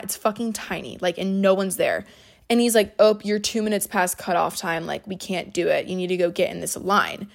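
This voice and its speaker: A woman's voice: on the low side, gravelly. A young woman hosting a podcast, telling a rambling story in casual chat, swearing often and saying "like" a lot, emotional at the moment. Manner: profane, rambling, heavy use of "like". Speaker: podcast host.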